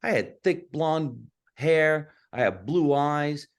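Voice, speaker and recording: A stand-up comedian with a thick New Jersey accent, telling stories in a punchy, animated way during a casual interview. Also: male voice, fairly high pitch, slow pace. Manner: animated, punchy storytelling, slips into character voices.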